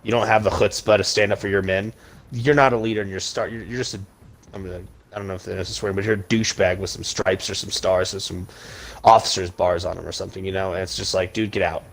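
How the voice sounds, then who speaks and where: A man's voice: low voice, fairly even intonation, fast talker, gravelly. A young man hosting a podcast, ranting heatedly with emphatic insults while chatting casually over a video game. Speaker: podcast host.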